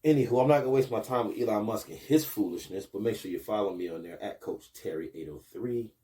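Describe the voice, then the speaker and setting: A man in his thirties from Buffalo, New York, hosts a casual podcast. His voice sits low and mellow, picked up a little way off from the mic. He talks to his viewers and gets more energetic when he pushes them to share the show. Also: fast, recorded from a distance. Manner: hypes up viewers, rising excitement with promos. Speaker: podcast host and basketball coach.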